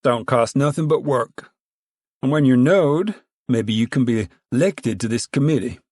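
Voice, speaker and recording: A man reading aloud and voicing a big, powerful woman who chairs a camp committee, booming, formal and proud. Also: unhurried, a little mellow, no room sound, clean studio sound, natural voice.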